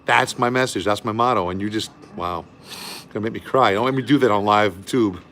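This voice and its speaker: A man's voice: on the low side, fairly quick, a bit bright, slight background noise. A man hosting a live music stream, chatting effusively between songs and reading viewer comments aloud.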